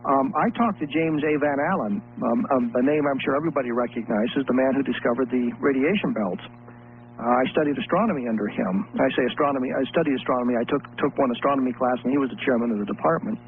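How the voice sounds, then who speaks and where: A man speaking as a guest on a call-in radio show, earnest and halting, often restarting his sentences. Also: medium pitch. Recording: tinny phone-line radio broadcast with hum.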